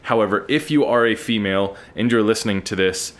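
A man with a somewhat low voice hosts a solo podcast monologue. He speaks earnestly and frankly, reflecting out loud and tossing in casual swearing. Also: fairly quick. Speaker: podcast host.

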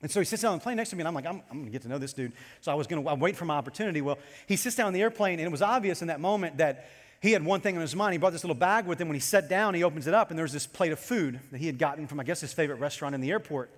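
A man preaching a sermon to his congregation as pastor, animated and storytelling as he goes. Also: fairly high pitch, very fast, big-room sound.

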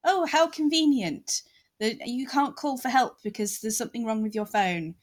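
A woman co-hosting a casual chat, relaxed and wry, laughing along with her partner. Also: on the high side, brisk.

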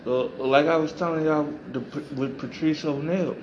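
A man's voice: a little high, fairly even intonation, moderate pace, muffled recording, noisy background. A man hosting a podcast, giving a reflective motivational monologue and repeating phrases for emphasis. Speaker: podcast host.

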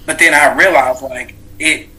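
A man in his thirties recounts a life-changing personal story as an interview guest. His voice sounds bright and forward. He talks earnestly and reflectively, full of fillers and restarts. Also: on the high side, fairly even intonation, normal speed, low-quality recording. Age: 30s. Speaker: guest, author.

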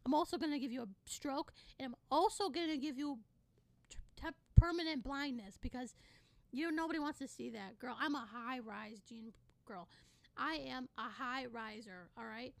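A teenage girl hosting her own podcast, ranting in a sassy, sarcastic way with sudden loud bursts. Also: sits high, normal speed, creaky, no room sound. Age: teens. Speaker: podcast host. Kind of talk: casual solo podcast rant.

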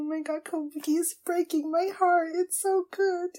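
A woman podcast host reacting live to an anime episode, gushing and excitable, with frequent gasps and quiet hushed asides. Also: extremely high pitch, normal speed, few pauses. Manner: drops to hushed asides at tense moments.

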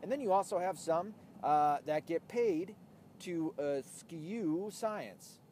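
Animated, foul-mouthed man ranting while driving. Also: on the high side, slow pace. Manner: profane, blunt and animated. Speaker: podcast host. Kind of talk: casual ranting monologue. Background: faint vehicle noise.

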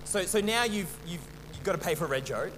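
High-voiced pastor, halting sermon. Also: male voice, animated. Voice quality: halting, many restarts and repeated words. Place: church hall. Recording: long church reverb, faint hum.

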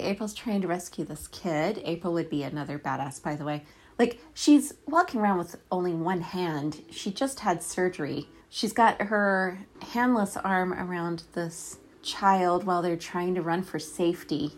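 Middle-aged woman, slightly low voice; casual, sarcastic movie recap that swings from deadpan to outburst. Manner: sarcastic, profane asides.

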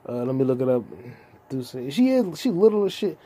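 A man's voice: mid-range voice, big pitch swings, brisk, warm tone, dry recording. A man in his twenties hosting a solo podcast, rambling and free-associating with constant profanity. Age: 20s. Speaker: podcast host. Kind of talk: casual solo podcast chat.

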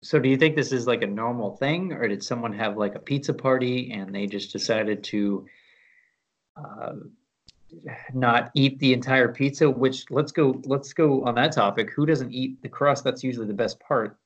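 A man's voice: medium pitch, normal speed, dull audio. Joking man co-hosting a podcast. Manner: joking, crude. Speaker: podcast co-host. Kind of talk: casual podcast chat.

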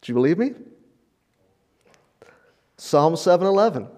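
A man's voice: fairly high pitch, very animated, measured pace, a little mellow. An older man preaching a sermon in a conversational, storytelling way, often repeating words and chuckling. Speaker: pastor.

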